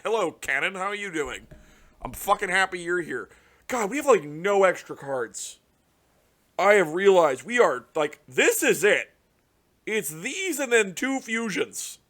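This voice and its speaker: On his card game channel, a fairly high-pitched man reacts to freshly revealed cards. He swears constantly in a loose, casual style, veering between quiet muttering and bursts of excited yelling.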